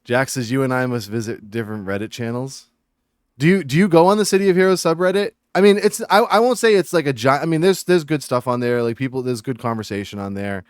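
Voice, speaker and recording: A man's voice: a little high, quick pace, hardly any pauses, smooth, no room sound, studio quality. A man from Massachusetts chatting and ranting on a live game stream, reading viewer chat aloud.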